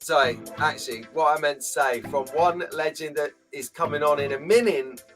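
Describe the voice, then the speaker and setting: A man with a slightly raised voice hosts a relaxed live stream from a small room at home. He chats and jokes freely, greeting viewers one by one, with faint music playing behind him. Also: fairly high pitch, normal speed. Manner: chatty, jokey, greets viewers by name. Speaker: host. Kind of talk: casual live-stream chat.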